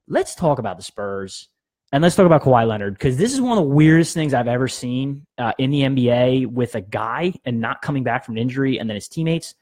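A man's voice: mid-range voice, lively intonation, brisk, darkish tone, dry recording. A young man hosting a sports podcast, giving blunt, opinionated takes in casual talk and laughing at his own jokes.

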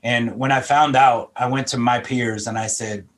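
A man's voice: mid-range voice, fairly even intonation, normal speed, a bit bright. A middle-aged man from Philadelphia tells his life story as an interview guest, with a voice in the middle range. He speaks earnestly and reflectively and often repeats a word while finding his thoughts. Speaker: interview guest sharing testimony. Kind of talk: personal testimony.

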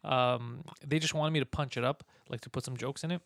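A man who is a comedian and a podcast guest, telling animated stories in casual chat, swearing often and laughing mid-sentence. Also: medium pitch, fairly quick, vocal fry, no echo, studio quality.

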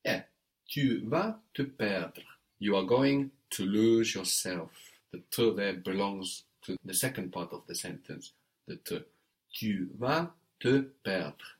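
A man's voice: on the low side, lively intonation, takes it slowly. A man giving a one-on-one French lesson, patiently prompting and correcting step by step. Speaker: French teacher.

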